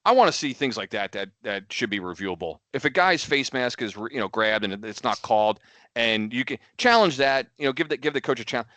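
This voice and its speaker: A man co-hosting a sports podcast, telling stories in an animated way and acting out what others said. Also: medium pitch, fairly quick, dry recording. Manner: animated storyteller, acts out quoted lines. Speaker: podcast co-host. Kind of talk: casual chat.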